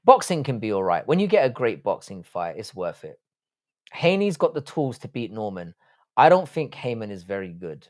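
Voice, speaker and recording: Man, live-stream host, casual chat, blunt, swears a lot, average pitch. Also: sing-song, moderate pace. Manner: blunt and profane, musing aloud.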